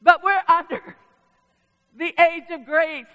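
A woman pastor preaching a sermon in a church, animated and calling out to the congregation. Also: very high voice, takes it slowly, in a large hall. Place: church sanctuary.

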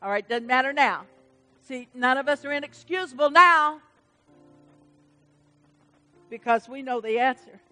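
Emphatic woman pastor, bright voice. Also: sits high, unhurried, pauses often, faint music behind. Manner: emphatic preaching, swinging from loud calls to soft near-whispers. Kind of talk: sermon. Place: church service.

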